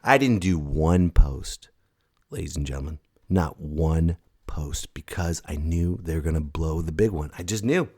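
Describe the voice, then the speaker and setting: A man in his thirties hosting a casual solo podcast, excitable and joking, restarting his sentences and jumping to loud high shouts when he mimics others. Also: measured pace, husky. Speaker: podcast host.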